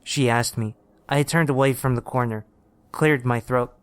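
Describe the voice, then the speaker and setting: Brief: male horror-story narrator, smooth and resonant, steady delivery, dry close sound. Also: mid-range voice, moderate pace, dry recording.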